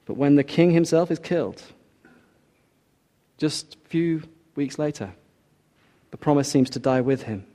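A man preaching a sermon, earnest and measured, slowing down to stress key lines. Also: fairly high pitch, dark tone. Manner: measured, earnest, slows for emphasis.

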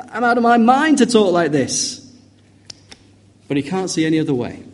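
A man's voice: medium pitch, mellow. A man preaching an expository sermon, reading scripture aloud with emphatic rising questions.

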